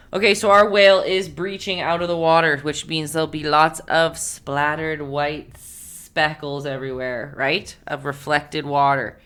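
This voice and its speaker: A woman's voice: sits low, a bit bright. A woman leading a live-streamed painting lesson, chatty and encouraging, humming to herself as she works. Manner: chatty and encouraging, hums while working. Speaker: painting instructor.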